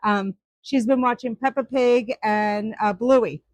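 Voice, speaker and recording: A woman's voice: fairly high pitch, fairly even intonation, slow, no room sound. An older woman vlogger chatting casually to her viewers, laughing often as she tells a story. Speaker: woodturning vlogger. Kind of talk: casual chat to camera.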